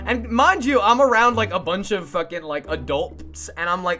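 A young man streaming, telling a story to his chat in a casual, animated way, swearing and using lots of fillers. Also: high-pitched, moderate pace, soft background music. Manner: animated, swearing, frequent fillers, breaks into laughter.

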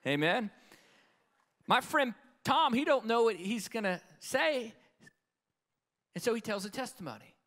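A man's voice: extremely high pitch, lively intonation, measured pace, pauses often, a bit bright. A man preaching a live conference sermon as an evangelist, emphatic and storytelling, calling out for an amen. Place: conference hall with live audience.

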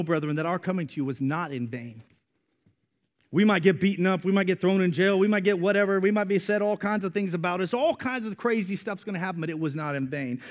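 Young guy pastor preaching, pretty high voice, animated, asks the crowd to say stuff back. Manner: animated preaching, calls for amens, acts out voices. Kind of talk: sermon.

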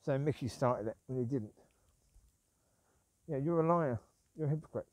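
In a medium-pitched, darkish voice with no echo, a man talks at a moderate pace. He's a vlogger walking his dogs outside at night, rambling, grumbling, and repeating himself as he goes.

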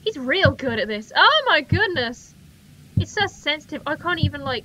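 A young woman giving profane, jokey commentary while playing a horror game, reacting loudly. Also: high-pitched, animated, moderate pace. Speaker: gaming channel host. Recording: humming noisy home recording.

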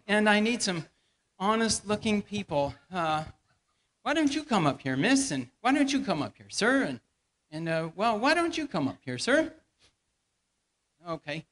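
A man's voice: high voice, fairly bright tone. A man, a church elder, teaching a Bible lesson by playfully directing volunteers through a staged skit in front of a congregation. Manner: playful, directing volunteers and feeding them lines. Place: church hall before a congregation.

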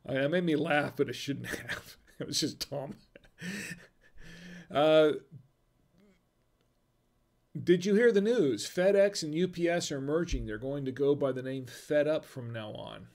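A man's voice: a little high, measured pace, long pauses, darkish tone. A man hosting a casual livestream, reading viewer jokes, chuckling at them and trailing off mid-sentence.

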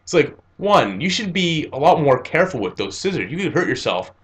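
A man's voice: on the high side, fairly quick. Young man chatting through an anime review. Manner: animated retelling with fillers and laughs. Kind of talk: casual episode review.

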